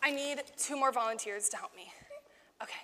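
Young woman Bible teacher, high voice, playful with kids, reverberant hall. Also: a little fast, background noise. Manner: playful, animated, laughing often. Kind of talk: acting out a Bible story with children.

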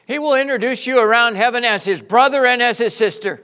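A middle-aged male pastor preaching with passion, swinging between loud exclamations and hushed, tender passages. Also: very high-pitched, fairly quick, clean tone. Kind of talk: sermon.

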